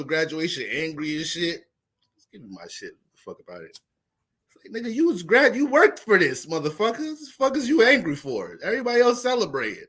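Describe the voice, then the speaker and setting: A young man casually talking through an astrology livestream, profane and animated, laughing often. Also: fairly high pitch.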